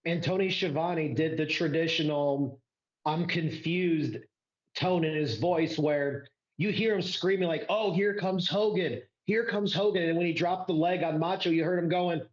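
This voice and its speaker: A fairly high-voiced man co-hosting a wrestling chat, talking slowly and earnestly with lots of "like". He sounds roomy and a little dull, as if his mic sits in an echoing space. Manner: earnest, slow, builds arguments with "like" and quoted lines. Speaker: co-host. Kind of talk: casual wrestling review chat.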